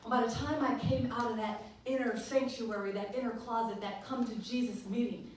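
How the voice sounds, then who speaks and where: A woman giving a lively church talk, telling a story with animated voices and leading call-and-response with the congregation. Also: fairly high pitch, normal speed, a little hiss or hum. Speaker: guest speaker and singer. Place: large church sanctuary. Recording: echoey live church recording from far off.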